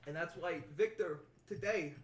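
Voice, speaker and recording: A woman's voice: fairly low pitch, moderate pace, slight background noise, close to an everyday voice. A woman voicing a scheming middle-aged male con man who runs a shop, with an oily, stammering, wheedling manner in a tabletop game. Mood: grandstanding. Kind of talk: tabletop game role-play. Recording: roomy echo, distant from mic.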